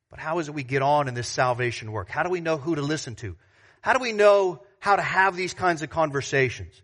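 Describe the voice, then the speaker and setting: A man's voice: medium pitch, a bit bright. A man pastor preaching a sermon in a church, earnest and full of rhetorical questions.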